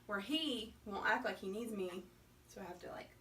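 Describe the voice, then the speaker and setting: A woman's voice: medium pitch, moderate pace, bright, forceful tone. A woman in her thirties, a mother and co-host, chatting casually about her children, full of "like" and acted quotes. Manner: chatty, lots of "like", acts out quotes. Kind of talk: casual chat. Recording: distant mic with faint noise.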